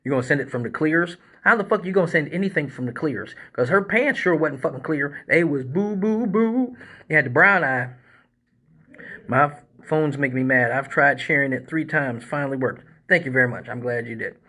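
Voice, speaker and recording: A man hosting a live stream, telling crude funny stories from his dancing work in a profane, animated way. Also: medium pitch, fairly quick. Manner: profane, animated storyteller who acts out the other people in his stories. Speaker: live show host and male exotic dancer. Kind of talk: casual storytelling on a live stream.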